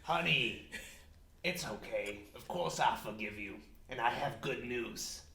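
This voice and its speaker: A man's voice: medium pitch, animated, measured pace, vocal fry, sharp tone, exaggerated voice. A man voicing a cheesy, proud sitcom husband in a tabletop game. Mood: hammy. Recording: roomy with faint noise.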